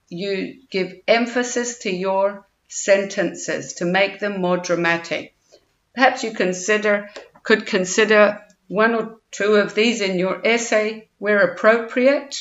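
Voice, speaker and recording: Woman, grammar lecture, slow and patient, echoey room, muffled sound. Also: mid-range voice. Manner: patient, explains step by step with examples. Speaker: IELTS teacher.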